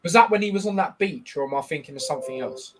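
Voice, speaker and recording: A man's voice: a little high, expressive, fast, breathy edge. A man hosting a live football watchalong, chatting in a rambling, bantering way with lots of fillers and calling the match as it goes. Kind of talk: casual live-stream chat with match commentary.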